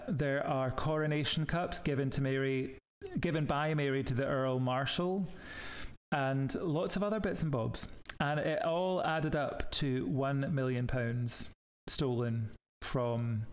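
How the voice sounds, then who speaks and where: A man's voice: medium pitch, unhurried. Chatty Scottish man co-hosting a podcast. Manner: chatty, teasing, jokey asides. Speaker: podcast co-host. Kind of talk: casual chat.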